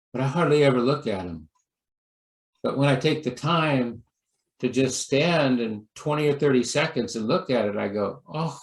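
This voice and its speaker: A man pastor giving a sermon talk in a gentle storytelling manner, acting out quoted lines with lively voices. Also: lowish voice, reverberant.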